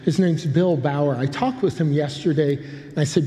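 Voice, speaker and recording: Older male pastor, warm mellow tone, a bit high, rambling storyteller. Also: normal speed. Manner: rambling, self-interrupting with humorous asides. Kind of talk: sermon storytelling. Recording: long hall reverb.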